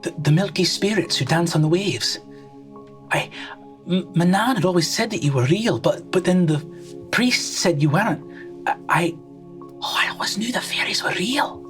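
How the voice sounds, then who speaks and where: A woman's voice: lowish voice, normal speed, faint music behind, natural voice. A woman voicing a timid sixteen-year-old noble duchess who stammers and sounds breathless and dreamy. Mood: awed.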